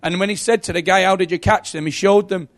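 A middle-aged man giving an emotional sermon testimony, telling stories and swinging from hushed to loud. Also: high voice, fairly even intonation, fast talker. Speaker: preacher.

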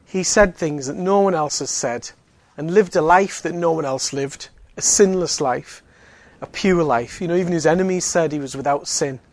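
A man with a fairly high voice gives a relaxed faith talk to a group. He speaks casually and fills his sentences with "you know". He also drops in teasing jokes. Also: moderate pace, hardly any pauses, no room sound. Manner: conversational, many fillers, joking asides. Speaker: Alpha course speaker. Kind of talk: evangelistic talk.

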